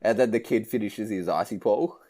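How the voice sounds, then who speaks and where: A man co-hosting a podcast, chatting casually about a movie, retelling scenes with animated laughter. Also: on the low side, fairly quick. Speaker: podcast co-host. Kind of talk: casual movie review chat.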